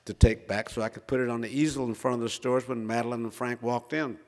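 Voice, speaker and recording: A man's voice: mid-range voice, flat delivery, fast talker. Older man telling a chatty anecdote. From Minnesota. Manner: chatty, self-mocking, with many fillers. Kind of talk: personal storytelling. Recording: reverberant hall.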